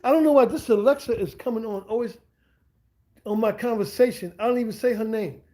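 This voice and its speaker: A man's voice: very high voice, brisk, warm tone. A middle-aged man talking casually on a livestream from home, rambling and repeating himself with slangy asides to his viewers. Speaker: streamer and language teacher. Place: at home indoors.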